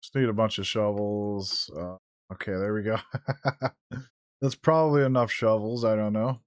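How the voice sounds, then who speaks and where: A man's voice: fairly low pitch, steady tone, unhurried, no echo, clean studio sound. A man casually talking through a live game stream, chatty and laughing often, easily startled. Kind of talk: casual gameplay commentary.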